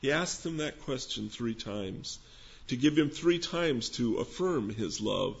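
A man preaching a sermon in a gentle, conversational teaching manner, posing questions to his listeners. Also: medium pitch, lively intonation, measured pace, vocal fry, dull audio. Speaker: pastor.

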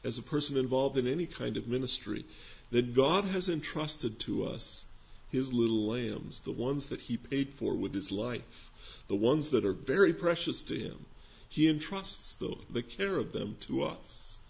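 A man preaching a sermon in a gentle, conversational teaching manner, posing questions to his listeners. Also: medium pitch, lively intonation, a little slow, creaky, muffled recording. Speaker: pastor.

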